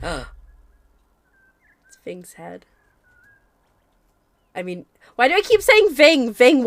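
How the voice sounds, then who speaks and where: A woman's voice: on the high side, dry recording. A woman chatting casually and giggling while streaming a video game. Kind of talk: casual live-stream gameplay chat.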